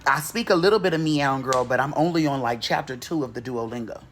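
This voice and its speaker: A man hosting a spiritual healing show, talking in a casual, animated, profane and playful way. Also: medium pitch, fast, a little hiss or hum. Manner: animated, profane and playful, acting out quoted voices.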